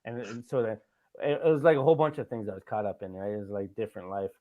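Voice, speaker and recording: A man's voice: fairly low pitch, fairly even intonation, racing. A man hosting a podcast, telling a long story in a loose, rambling way, swearing often and tagging lines with "right?". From Canada. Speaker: podcast host. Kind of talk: casual podcast chat. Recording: tinny phone-like audio.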